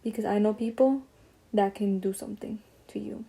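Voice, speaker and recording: A woman's voice: medium pitch, steady tone, normal speed, creaky, dark tone, natural voice. A woman muttering as a menacing man. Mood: threatening. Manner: muttered, half-whispered. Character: menacing adult man making low, quiet threats.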